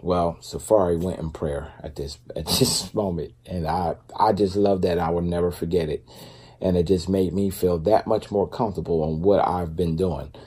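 A man speaks in a relaxed, rambling vlog style, talking through faith and everyday life with plenty of fillers and side remarks. His voice sits very low and has a dark, mellow tone. There is a husky edge to it throughout. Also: normal speed. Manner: loose, conversational, with many fillers and asides. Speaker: vlogger. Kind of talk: casual faith-based talk.

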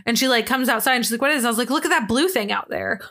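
Woman, young adult, podcast co-host, casual chat, giggly, bright voice. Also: fairly high pitch, racing. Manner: giggly, rambling, swears freely.

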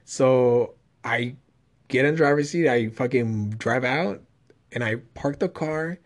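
A man's voice: medium pitch, slow pace. A young man telling a rambling, profane story in casual chat.

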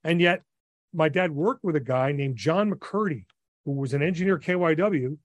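A man's voice: fairly high pitch, normal speed, no echo, clean studio sound. Enthusiastic older radio DJ, man. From New Jersey. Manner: enthusiastic, animated storyteller. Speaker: radio DJ, guest. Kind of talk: casual interview storytelling.

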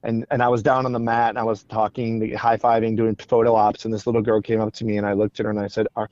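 A man's voice: on the low side, level tone, quick pace, darkish tone, no room sound. A man who is a guest on a podcast, telling stories in an earnest way and often repeating words, on a dull lo-fi recording. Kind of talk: casual podcast interview.

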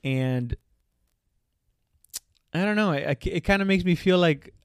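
A man's voice: high-pitched, lively intonation, measured pace, clean tone, no echo. A man co-hosting a casual podcast from a bedroom, joking, swearing and laughing often. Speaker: podcast co-host. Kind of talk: casual chat.

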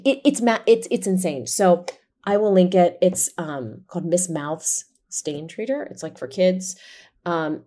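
A woman's voice: fairly low pitch, mellow. A woman in her thirties hosting a solo podcast, chatting casually and enthusiastically with frequent fillers and restarts. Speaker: podcast host.

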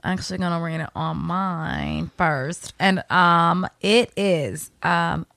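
A woman co-hosting a podcast in casual chat, relaxed and laughing, with lots of fillers. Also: lowish voice, slow, creaky. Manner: laid-back, laughing, many fillers. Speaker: podcast co-host.

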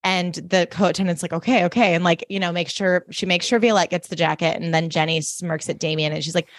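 A woman's voice: fairly low pitch, fairly quick. A woman co-hosting a podcast who walks through a TV episode scene by scene in casual chat. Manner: steady, plain scene-by-scene narration. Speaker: podcast co-host.

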